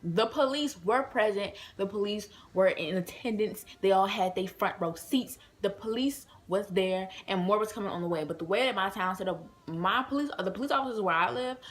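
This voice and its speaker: A woman's voice: mid-range voice, normal speed, hardly any pauses. A woman from the United States telling a casual storytime vlog, chatty and full of fillers, talking straight to her viewers as y'all. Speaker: vlogger.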